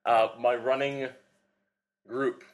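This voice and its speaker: A man's voice: mid-range voice, little pitch movement, takes it slowly. A young man co-hosting a fitness podcast in casual chat, rambling with lots of fillers as he explains. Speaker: podcast co-host, personal trainer.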